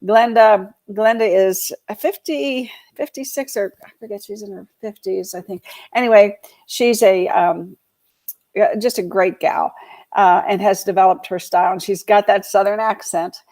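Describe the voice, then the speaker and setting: A woman's voice: medium pitch, steady tone, moderate pace, a little mellow. Chatty georgia lady hosting a real estate show, rambles, lots of ums and laughs. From Georgia, US South. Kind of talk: casual live-stream talk.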